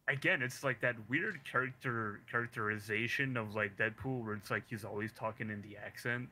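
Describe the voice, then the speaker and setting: A man trading jokes on a casual comic book podcast, teasing his co-host. His voice sits at a middle pitch with a very bright, sharp edge. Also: fairly quick, a little hiss or hum. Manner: teasing, jokey asides.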